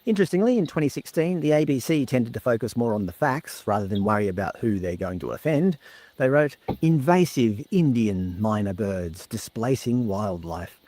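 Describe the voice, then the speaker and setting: A man's voice: mid-range voice, lively intonation, normal speed, mellow. A man narrating a scripted commentary video in a sardonic, mocking manner.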